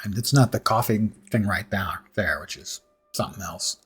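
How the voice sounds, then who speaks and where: A man with a husky, raspy voice, clearing his throat often, giving chatty live commentary while streaming a game. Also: lowish voice, moderate pace, fairly bright tone, soft background music.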